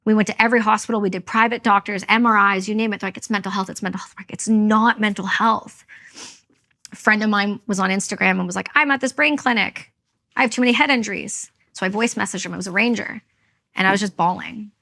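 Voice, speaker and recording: A woman from Canada tells a personal story in an interview, speaking candidly and with emphasis. Her voice has a gravelly, fried edge at a middle pitch. She acts out the words of the people in her story. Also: quick pace, sharp tone. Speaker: podcast guest, army veteran.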